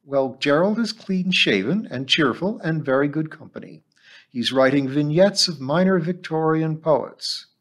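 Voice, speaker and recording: A man voicing a brisk, firm middle-aged woman friend who speaks sternly and bossily. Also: fairly high pitch, expressive, voice pushed up. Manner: firm, stern, bossy and cheerful.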